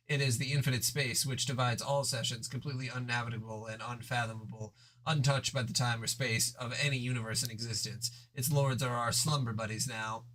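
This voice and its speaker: A man's voice: medium pitch, fairly bright tone, natural voice, poor audio. A man voicing a bubbly, aristocratic fish-alien girl who says glub, in a playful, slightly pompous way, as he reads a webcomic aloud with voices. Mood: playful, lofty.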